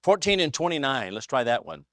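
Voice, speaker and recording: A man leads an informal Bible class in a church room, mid-pitched and easygoing. He drifts into anecdotes and chuckles often between points. His voice sounds dry and close, with little room around it. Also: big pitch swings, a little fast, a bit bright, no room sound. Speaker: Bible study teacher. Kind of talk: casual Bible class teaching. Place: church classroom with a small group.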